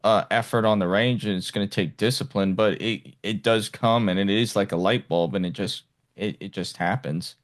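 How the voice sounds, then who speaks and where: A man hosting a podcast in casual conversation, talking haltingly with frequent restarts and fillers. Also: fairly low pitch. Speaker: podcast host. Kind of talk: casual interview chat.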